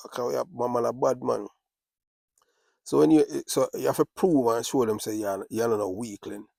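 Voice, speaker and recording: A man's voice: mid-range voice, steady tone, normal speed, gravelly, dark tone, dry recording, clean studio sound. A man with a Jamaican accent, talking in a casual monologue with repetitive, boastful, patois-laced street talk.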